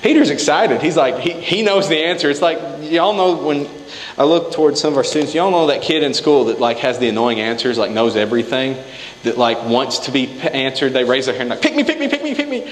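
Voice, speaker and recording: A man delivers a relaxed, conversational sermon, pausing to act out the scripture scenes himself. His voice sits at an ordinary middle pitch and rings through a large hall with a long echo and faint ambient noise. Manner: conversational, animated, acts out scripture quotes. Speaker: preacher. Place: church hall.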